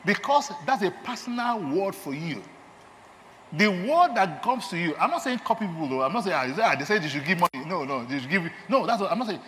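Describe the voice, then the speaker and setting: A man's voice: sits high, very animated, brisk, a bit bright, slight background noise. A man with a Nigerian accent preaching a sermon, emphatic and repeating his key phrases. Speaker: lay preacher and doctor. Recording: long hall reverb, faint ambience.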